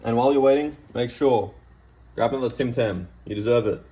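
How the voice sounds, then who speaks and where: A man's voice: mid-range voice, a little fast, dark tone. A man giving a rambling, joking cooking demonstration in a home kitchen. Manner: joking, rambling, self-deprecating. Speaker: cooking vlogger.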